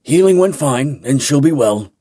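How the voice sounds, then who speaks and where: A man doing a gruff, gentle soldier commander. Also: animated, moderate pace, no room sound, clean studio sound. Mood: cheerful. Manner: low, soft-spoken, half-whispered. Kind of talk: audiobook character voice.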